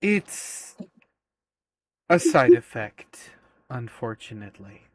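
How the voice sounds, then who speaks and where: A man voicing an ancient, calm female statue spirit in a tabletop game, speaking quietly and measured. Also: medium pitch. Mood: solemn.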